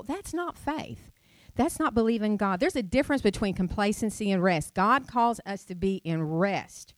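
A woman's voice: mid-range voice, lively intonation, fairly quick. A middle-aged woman delivers a sermon in a chatty, storytelling way. She asks her listeners rhetorical questions. The sound is dry and close, with no room echo. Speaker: preacher.

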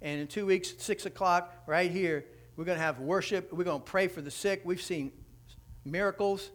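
High, bright-voiced preacher man. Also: normal speed. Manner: animated storytelling, acting out quotes. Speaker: pastor. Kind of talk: sermon.

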